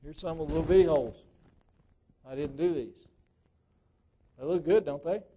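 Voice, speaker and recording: A man leads a hands-on woodturning demonstration at a club meeting. His voice sits a little high, and he talks in a loose, folksy way. He checks in with the room by asking "okay?" again and again. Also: normal speed, warm tone, slight background noise. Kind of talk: live workshop demonstration to a club.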